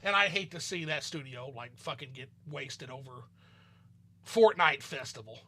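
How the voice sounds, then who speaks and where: A man with a Southern twang mixed with a flat Midwestern accent, chatting loosely and swearing freely as host over an online call. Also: medium pitch, moderate pace, a little hiss or hum. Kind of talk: casual online chat. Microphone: online call mic.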